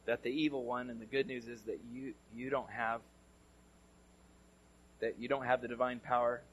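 Speaking in a mid-range voice, a male pastor from California gives a sermon. He tells a story in a conversational style, going from loud to hushed and back.

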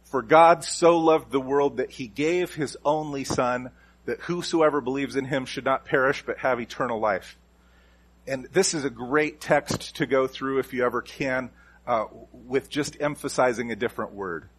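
A man delivers a sermon as a pastor. His voice is husky with a slightly breathy edge. He presses his points hard, repeating key lines and moving the stress from word to word. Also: medium pitch, moderate pace. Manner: emphatic, repeats key phrases with shifting stress.

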